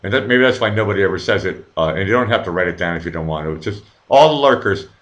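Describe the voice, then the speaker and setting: A man's voice: low voice, lively intonation, fast, fairly bright tone. A middle-aged man hosting a live stream, rambling casually, swearing freely and reading viewers' chat aloud with many fillers and restarts. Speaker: livestream host.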